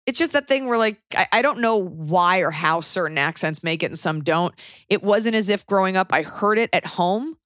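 A woman's voice: on the low side, no room sound, studio quality. A woman with a Texan accent, co-hosting a podcast in a rambling, chatty way with lots of fillers. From Texas. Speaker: podcast co-host. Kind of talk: casual podcast chat.

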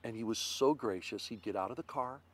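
A man's voice: medium pitch, fairly quick. An older man from Ohio, a former ballplayer, telling stories in a casual interview and acting out quotes. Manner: animated storyteller, acts out quotes loudly. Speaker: interview guest, former baseball pitcher.

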